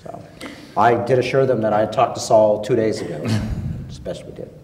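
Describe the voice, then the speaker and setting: A man telling a story as a guest on a public panel, wry and halting, with plenty of fillers. He sounds set back from the microphone. The long tail of a large hall carries his voice. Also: fairly low pitch, steady tone, a little mellow, slight background noise. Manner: wry, hesitant with many fillers. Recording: echoey hall, voice from far off.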